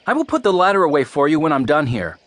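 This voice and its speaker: A man's voice: a little high, very animated, fast talker, a bit bright, dry recording. A man reading a storybook, voicing a sensible fourteen-year-old boy in a near-natural, friendly voice.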